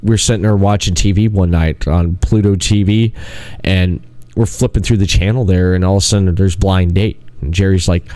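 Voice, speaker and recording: A man's voice: low voice, steady tone, normal speed, dark tone, no room sound. A man hosting a podcast in casual chat, rambling through stories and acting out the quotes, laughing often. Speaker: podcast host.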